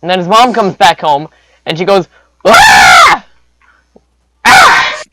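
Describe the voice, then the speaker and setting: A man's voice: sits high, brisk, fairly bright tone, dry recording, poor audio. A young man rambling through an improvised comic story, full of silly sound effects.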